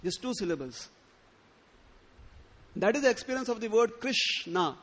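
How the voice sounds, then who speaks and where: A man giving a sermon, acting out the quoted lines with stammered restarts. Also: normal speed. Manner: expressive, acts out quoted lines with rising pitch and stammered restarts. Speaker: speaker giving a scriptural discourse.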